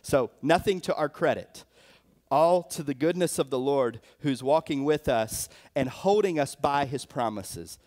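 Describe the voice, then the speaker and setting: A man's voice: mid-range voice, expressive, a little slow, darkish tone. A young adult man, a pastor, telling his own story in a sermon, in a loose conversational way full of fillers and restarts. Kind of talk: sermon testimony.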